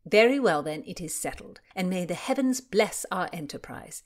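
A woman's voice: on the low side, animated, normal speed, close to an everyday voice. A woman reading aloud and voicing a bold, saucy young merchant's daughter with a playful, teasing manner. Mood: settled.

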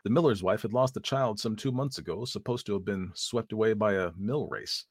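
A man reading a story aloud as narrator in a measured, even manner. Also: fairly low pitch, slightly rough, no room sound, studio quality.

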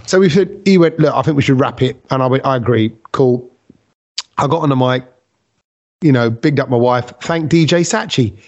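A man hosting a casual podcast, telling a story with lively acted-out quotes. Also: mid-range voice, a little fast, muffled recording. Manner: animated storyteller who acts out quotes. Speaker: podcast host.

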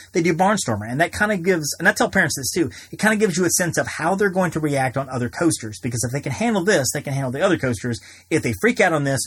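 A man in his thirties hosts a podcast and tells personal stories in a loose, rambling way, often restarting his sentences. His voice is husky and his delivery quick, and the recording is dry with no room sound. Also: mid-range voice, dry recording. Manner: rambling, many restarts and repeated words. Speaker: podcast host. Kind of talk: casual personal storytelling.

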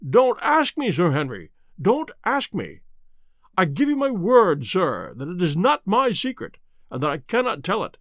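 Male narrator doing a stammering, pleading butler, audiobook; high and lively, dry. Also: a little slow, no echo, full character voice. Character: nervous, cornered middle-aged male butler.

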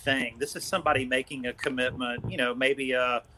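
A man's voice: medium pitch, flat delivery, fairly quick, sharp tone, slight background noise, low-quality recording. A man in a podcast chat, asking probing questions about the deal. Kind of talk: casual chat.

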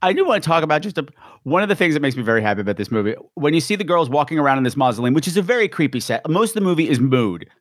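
A man's voice: a little high, big pitch swings, very fast, no echo, clean studio sound. A man hosting a casual podcast chat, campy and theatrical.

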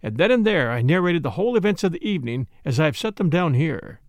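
A man narrating a novel as an audiobook reader, steady and expressive. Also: a little high, fast, no room sound.

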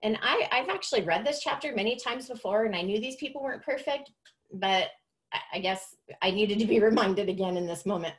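A woman's voice: medium pitch, lively intonation, a little fast, breathy edge. A woman hosting a podcast, telling her faith story in an earnest, confessional way. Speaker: podcast host. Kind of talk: personal faith testimony podcast.

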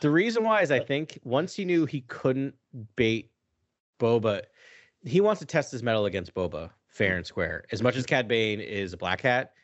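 A man's voice: mid-range voice, moderate pace, no room sound. A man co-hosting a podcast in casual chat, restarting his sentences as he goes. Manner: animated, restarts mid-thought. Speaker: podcast co-host. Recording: dry, muffled sound.

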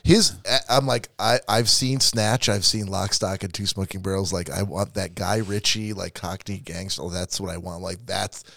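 A man co-hosting a podcast, chatting casually in a halting, stammering, enthusiastic way. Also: low-pitched, steady tone, creaky, a bit bright, dry recording, clean studio sound. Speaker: podcast co-host. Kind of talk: casual chat.

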